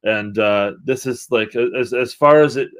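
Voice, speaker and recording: A man's voice: mid-range voice, moderate pace. A man who is a guest on a music podcast, chatting casually and eagerly sharing what he knows. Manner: chatty, eager to share knowledge. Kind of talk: casual chat.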